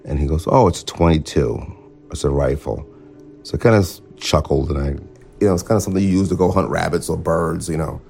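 A man with an extremely low voice recalls a shooting he saw as an interview subject. His voice is gravelly and dark, and he halts often with fillers. Faint music plays under him. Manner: halting, filler-heavy, acts out remembered dialogue. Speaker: eyewitness interviewee. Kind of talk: recounting a shooting in a documentary interview.

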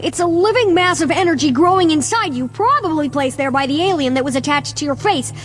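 A woman's voice: high-pitched, expressive. A woman voicing a confident, know-it-all boy genius inventor in a cartoon. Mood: grave. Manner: brisk, know-it-all, commanding. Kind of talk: cartoon voice acting.

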